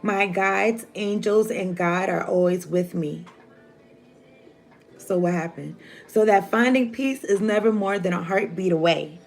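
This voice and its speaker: A woman's voice: medium pitch, unhurried, creaky, faint music behind. A woman giving a casual, rambling tarot reading to her viewers, chatty and slangy. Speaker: tarot reader. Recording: noisy home recording.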